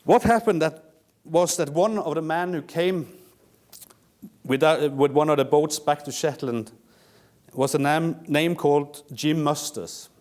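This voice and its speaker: A man's voice: fairly high pitch, measured pace, a little mellow. A man from Norway with a Norwegian accent, giving a history lecture in English, telling it as a story and often restarting words. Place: lecture room.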